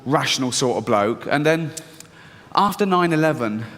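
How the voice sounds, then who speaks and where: A man's voice: mid-range voice, expressive, moderate pace, a bit bright, long reverb tail. A man performing a stand-up comedy routine, telling stories sardonically, mocking his own fears and swearing freely.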